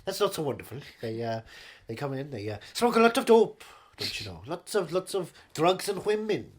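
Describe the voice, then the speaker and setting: A man does a comedic impression of a pompous, aging movie star, rambling on and saying "wonderful" over and over. His voice is a little high and sing-song, delivered at a normal speed.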